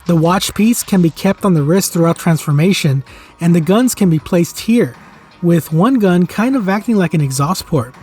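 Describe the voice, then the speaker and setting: A man's voice: sits high, animated, normal speed, darkish tone, breathy edge. A middle-aged man hosting a toy review channel, narrating from a script in an enthusiastic, nostalgic, earnest way.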